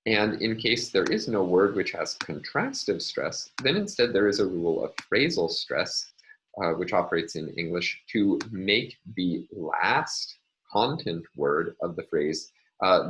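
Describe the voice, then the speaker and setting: Deep-voiced man giving a lecture. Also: expressive, fairly bright tone, slight background noise, poor audio. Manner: measured, explanatory, with frequent filler words. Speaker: linguistics lecturer. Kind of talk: recorded lecture.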